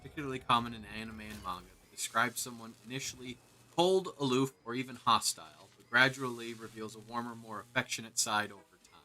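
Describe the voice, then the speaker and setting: A man's voice: mid-range voice, fast, sharp tone. A man co-streaming in casual chat, easygoing and teasing.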